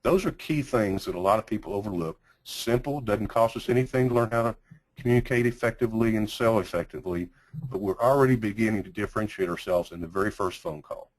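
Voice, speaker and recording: A man with a Texas accent teaching a sales training class, speaking slowly with deliberate pauses and emphasis. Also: fairly low pitch, poor audio.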